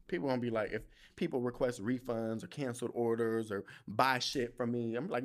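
A young man holds the mic alone, venting in a casual, heavily profane monologue. His pitch leaps up and drops low constantly as he tells the story, and he sits mid-range overall. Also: animated, fairly quick, few pauses, fairly bright tone. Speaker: podcast host.

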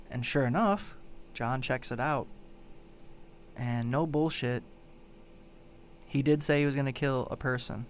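A man of ordinary pitch talks through a grim crime story in loose, rambling fashion and swears freely when he gets annoyed. It sounds like an unscripted show recap, with a faint hiss of noise under his voice. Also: a little slow, long pauses. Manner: profane, exasperated, rambling retelling. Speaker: show host. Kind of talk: casual true-crime recap.

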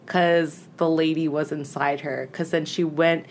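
Low-ish woman telling spooky stories, super chatty, lots of "like", bit of faint noise behind. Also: little pitch movement, measured pace. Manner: chatty, lots of "like", acts out quoted lines. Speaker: podcast host telling ghost stories. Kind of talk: casual storytelling chat.

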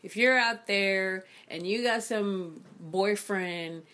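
A woman's voice: medium pitch, slow. A woman hosting a show, chatting casually on a video call through a condenser mic and acting out the people she quotes. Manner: animated storyteller who acts out quoted people. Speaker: show host. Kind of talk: casual chat.

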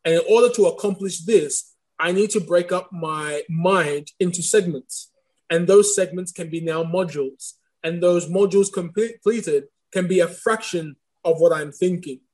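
A man speaks with a slight speech impediment, his voice sitting a little high. He talks earnestly and searchingly, restarting his sentences often as he explains his thinking. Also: normal speed, darkish tone, rough recording. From Australia. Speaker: guest, course creator and preacher. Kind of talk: reflective interview talk.

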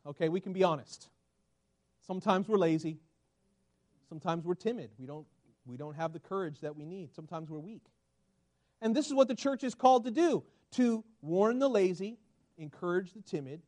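A male pastor preaching a sermon, swinging from loud urging to hushed, slow reading of scripture. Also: on the high side.

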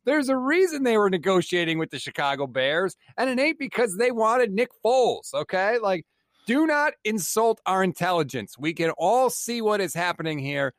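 A man's voice: high voice, big pitch swings, normal speed, dry recording, studio quality. A man co-hosting a sports podcast, ranting in exasperation and swearing freely. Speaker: podcast co-host. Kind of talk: heated sports podcast rant.

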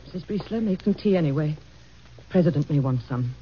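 A woman's voice: low voice, expressive, a little fast, a little hiss or hum. A woman playing an earnest, persuasive first lady in a vintage radio drama. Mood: composed. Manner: earnest, gently insistent. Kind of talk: 1940s radio acting. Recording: dull old radio recording.

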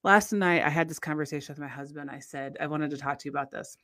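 A woman's voice: low-pitched, fast. A woman in her thirties from the United States, chatting casually as a podcast co-host and retelling her own story with lots of restarts. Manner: animated storyteller, restarts often, rises to exclaim. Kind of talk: casual chat.

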